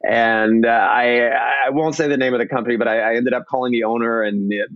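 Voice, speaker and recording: A man's voice: fairly low pitch, brisk, no room sound, highs cut off. A man being interviewed about his business, telling his story casually with many restarts and acted-out quotes. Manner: rambling, restarts, acts out quoted people. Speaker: entrepreneur guest.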